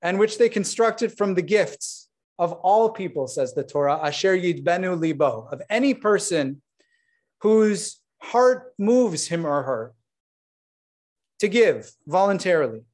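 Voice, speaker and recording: High-voiced rabbi preaching earnestly. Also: male voice, expressive, measured pace. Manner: earnest, warm address with asides to the congregation. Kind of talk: installation sermon. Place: synagogue sanctuary.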